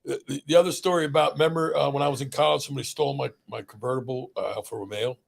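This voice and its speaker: A man's voice: mid-range voice, steady tone, very fast, creaky. A man in his sixties who hosts a medical podcast, telling rambling stories and laughing as he goes. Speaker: podcast host, doctor. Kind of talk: casual storytelling.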